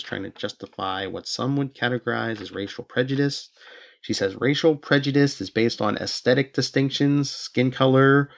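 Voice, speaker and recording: A man's voice: medium pitch, vocal fry. A man co-hosting a podcast, casually recapping comic book plots and reading the characters' lines aloud with the odd laugh. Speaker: podcast co-host.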